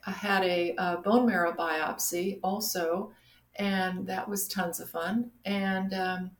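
Woman in her middle years telling her story, lively, acts out the voices, roomy echo. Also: medium pitch, slow. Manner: animated, acts out quoted voices. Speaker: guest sharing her story. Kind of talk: casual personal storytelling.

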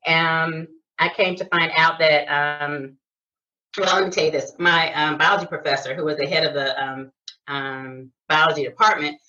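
A middle-aged woman from Detroit, a chiropractor, telling lively stories in a casual interview. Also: sits low, normal speed. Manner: animated storyteller, acts out quoted voices. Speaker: guest, chiropractor. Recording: distant lo-fi sound.

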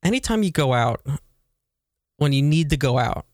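A man's voice: a little high, big pitch swings, normal speed, no room sound, studio quality. A man co-hosting a podcast, venting in a rambling, exasperated way with lots of fillers. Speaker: podcast co-host. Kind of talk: casual chat.

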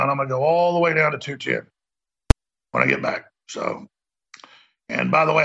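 A man with an extremely gravelly, gritty voice rants as a radio host, his pitch swinging widely and his tone sharp and forceful. He sounds heated and emphatic, and the audio is dull and lo-fi. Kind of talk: ranting radio monologue.

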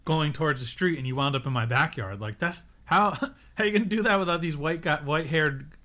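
A man co-hosting a podcast, chatting casually and jokingly about an episode and slipping into quick impressions of characters. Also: fairly high pitch. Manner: joking, animated, recaps scenes with quick impressions. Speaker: podcast co-host. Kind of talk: casual recap chat.

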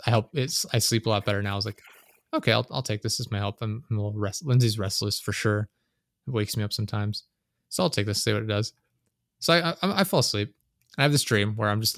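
Heard through a desk microphone in studio-quality sound with no echo, a young man casually chats on his podcast in a lowish, slightly bright voice. He rambles, swears, and fills his talk with "like."

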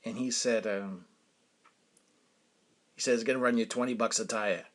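A man with a New England accent hosts a podcast in a lowish voice, keeping his intonation fairly even and his pace moderate. He tells a rambling, self-amused story as a casual monologue, chuckling often and dropping to a mutter for asides.

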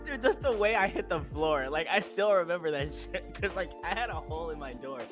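A young man, a podcast co-host, telling a story in casual chat, animated and laughing, acting out voices. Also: fairly high pitch, a little fast, over music.

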